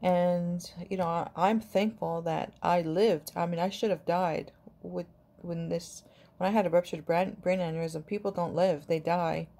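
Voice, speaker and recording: A woman's voice: on the low side, fairly even intonation, unhurried, mellow. A middle-aged woman, a grandmother, chatting casually to camera in a rambling, affectionate way. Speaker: vlogger.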